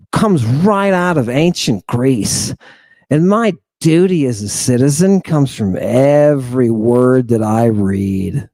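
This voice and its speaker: A man lecturing late at night in a rambling, sardonic way that speaks directly to listeners. His delivery is very slow, with a dark, mellow tone. The sound is dry and close, with no room echo. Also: mid-range voice. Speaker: podcast host.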